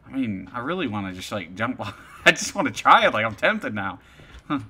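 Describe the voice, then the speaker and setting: A man streaming a battle royale game, chatting casually and swearing, excitable and quick to laugh. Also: lowish voice, slightly rough. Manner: profane, excitable, laughs a lot. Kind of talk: casual gaming chat.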